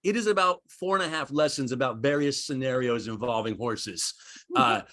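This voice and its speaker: A man's voice: mid-range voice, moderate pace, bright, forceful tone. Man, young, American, stand-up comedian, rambling, self-deprecating, laughs at own jokes, mid-range voice. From United States. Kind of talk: stand-up routine on a virtual show.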